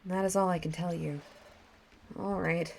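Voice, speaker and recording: A woman voicing a gentle sea creature who speaks softly and regretfully. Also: on the low side, steady tone, a little slow, creaky. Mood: apologetic. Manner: soft and regretful.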